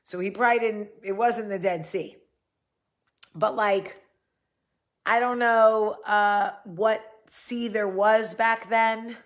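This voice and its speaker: A woman with a New Jersey–New York accent hosts a loose storytelling chat. She is a bit tipsy and slow-paced, and she drifts into jokey, off-the-cuff asides. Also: medium pitch, steady tone. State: tipsy from drinking. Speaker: host. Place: indoors, seated in a chair.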